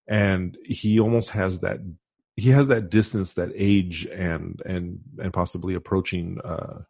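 Male co-host, low husky gravelly voice, dry sound, halting thoughtful delivery. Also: steady tone, dry recording. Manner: hesitant, many fillers and restarts. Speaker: podcast co-host. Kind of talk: casual film discussion.

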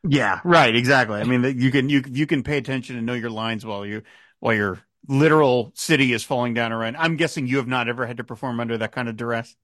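A man's voice: mid-range voice, fast, a bit bright, no room sound, clean studio sound. A man hosting a podcast, asking long questions that loop back on themselves and correcting himself. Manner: rambling questions with restarts. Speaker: podcast host. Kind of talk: casual podcast chat.

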